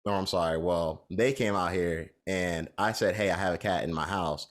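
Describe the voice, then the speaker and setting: A man's voice: deep voice, normal speed. A man co-hosting a podcast, telling a long story in a casual, rambling way with lots of fillers. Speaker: podcast co-host.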